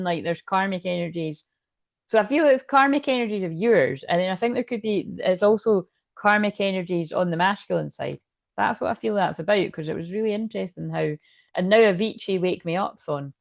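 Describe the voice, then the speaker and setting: Woman, tarot reader, rambling chatty delivery, low-ish voice, gravelly fry. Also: no room sound, studio quality. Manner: chatty, meandering, frequent fillers and asides. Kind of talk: casual rambling tarot reading.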